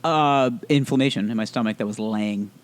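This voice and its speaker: A man in his twenties co-hosting a podcast, telling a story in casual chat, animated, swearing a lot and acting out what others said. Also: mid-range voice, normal speed. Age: 20s. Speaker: podcast co-host.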